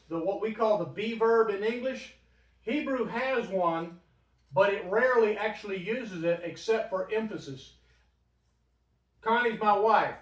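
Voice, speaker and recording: A man leads a church Bible study at an unhurried pace, his voice sitting high for a man. He talks conversationally and keeps asking the group questions. He sounds roomy, picked up from across the room. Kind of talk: interactive Bible teaching. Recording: roomy, from a distant mic.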